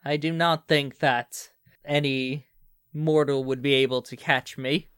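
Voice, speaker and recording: A man voicing a dignified male house drake in opossum form, speaking slowly and formally with a German accent. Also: medium pitch, steady tone, a bit bright, clean tone, no echo, clean studio sound, natural voice. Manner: slow, formal and solemn.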